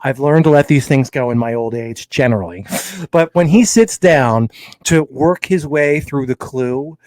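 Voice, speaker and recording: A man's voice: mid-range voice, a little slow, darkish tone, no room sound. Blunt, emphatic man critiquing films. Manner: emphatic, blunt, laughs at his own jabs. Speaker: co-host and film critic. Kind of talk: casual debate chat.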